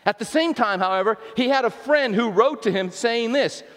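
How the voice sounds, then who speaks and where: A high-pitched male pastor preaches in a church sanctuary, keeping it chatty and often restarting his sentences. His voice rings out with the long reverb of a large hall. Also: moderate pace, a bit bright. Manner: conversational preaching with repeated restarts and playful asides. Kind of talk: sermon.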